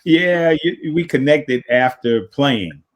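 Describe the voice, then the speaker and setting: A man hosting a podcast, answering in slow, quiet, halting replies. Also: mid-range voice, animated. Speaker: podcast host. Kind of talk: casual interview chat.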